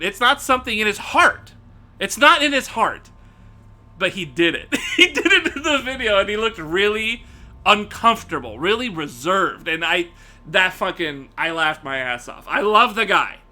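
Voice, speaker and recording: A man's voice: high voice, bright, forceful tone. A man streaming live, ranting casually and profanely to his chat, laughing often.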